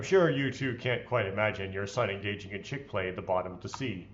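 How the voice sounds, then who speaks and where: A man's voice: fairly low pitch, brisk, highs cut off, a little hiss or hum. A man hosting a let's play, reading visual novel text aloud in a playfully theatrical way and adding his own comments.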